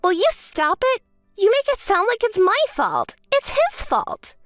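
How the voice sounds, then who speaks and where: A woman voicing a spoiled, boastful young bride who whines and makes demands in a shrill voice. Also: wildly swooping pitch, a little slow, fairly bright tone, no room sound, studio quality, soft background music, full character voice. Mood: bratty. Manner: whiny and demanding, rising to shrill outbursts. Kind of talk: texting-story voice acting.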